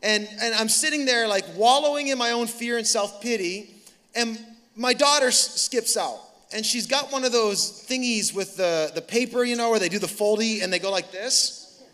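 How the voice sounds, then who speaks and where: A man in his thirties delivers a sermon in a high, bright, forward voice. He talks conversationally and tells stories with animated bursts and quick self-corrections. The sound carries a long reverb from a large church hall. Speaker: pastor.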